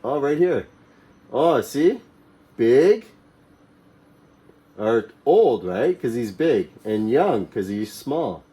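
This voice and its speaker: A man teaching a children's English reading lesson, reading short phrases slowly and clearly for the class to repeat. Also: mid-range voice, sing-song, warm tone.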